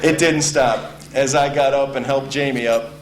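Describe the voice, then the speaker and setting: A former college football player telling a casual story with lots of ums and uhs. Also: male voice, medium pitch, steady tone, normal speed. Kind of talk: spoken anecdote to an audience. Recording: echoey room with faint hum.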